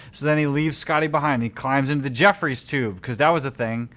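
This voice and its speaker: A man co-hosting a comedy show, riffing loudly on a movie with silly put-on voices. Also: mid-range voice, a little fast. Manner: rowdy, joking, silly voices. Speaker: podcast co-host.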